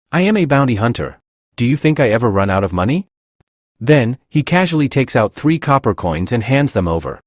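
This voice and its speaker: A man's voice: no room sound, studio quality. A man reading a comic recap as narrator, doing every character's lines in one plain voice. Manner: reads every part in one plain voice, lively pitch.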